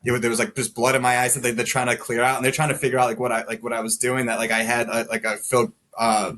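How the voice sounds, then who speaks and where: A man's voice: medium pitch, little pitch movement, fast talker, sharp tone. Man telling his story with many fillers. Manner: rambling, heavy use of "like" fillers; self-deprecating, laughs at himself. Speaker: podcast guest. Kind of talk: candid personal storytelling.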